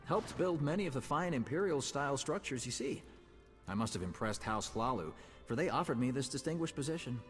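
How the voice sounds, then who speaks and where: Picture a prim, self-important port clerk from a video game, voiced by a man. His pitch swings in a lively, fussy way as he talks. A long reverb trails each line. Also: a little fast, faint music behind, close to an everyday voice. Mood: proud. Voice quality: pompous, prim.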